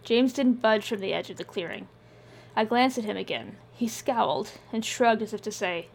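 A woman reading first-person scripted fiction in a measured, subdued way. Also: mid-range voice, gravelly. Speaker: audiobook narrator.

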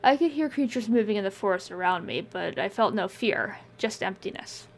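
A woman reading first-person scripted fiction in a measured, subdued way. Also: medium pitch, lively intonation, a little hiss or hum. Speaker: audiobook narrator.

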